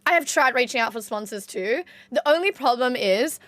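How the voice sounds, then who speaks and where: A young woman chatting casually with her live-stream chat, excitable, jumping between squeals and low mutters. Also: normal speed, no echo. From Australia.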